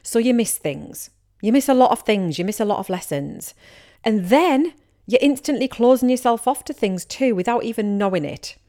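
A woman's voice: a little high, lively intonation, moderate pace, dark tone. A woman with a Teesside accent hosting a casual solo podcast, speaking candidly and chattily as a business coach who now and then acts out what listeners might be thinking. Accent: Teesside English. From Teesside, England.

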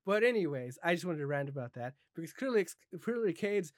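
A man's voice: on the high side, sing-song, fairly quick, no room sound, studio quality. A man hosting a casual podcast chat, ranting with frequent stumbles and restarts. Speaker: podcast host.

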